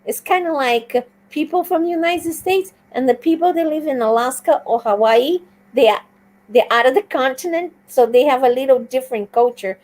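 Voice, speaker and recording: A woman guest on a live stream, telling stories with animated enthusiasm. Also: high voice, normal speed, rough recording. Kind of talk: casual conversation.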